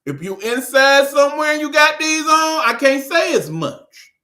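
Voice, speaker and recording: A man's voice: very high-pitched, sing-song, normal speed, bright, forceful tone. A man with a Detroit accent hosting his own online show, ranting in a blunt, profane, joking way. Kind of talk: casual ranting monologue.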